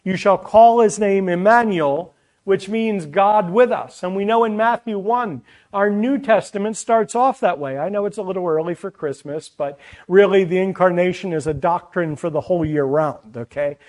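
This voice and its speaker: A man's voice: high-pitched, moderate pace, a little mellow. A man preaching a sermon, teaching earnestly from scripture with chatty asides to the congregation.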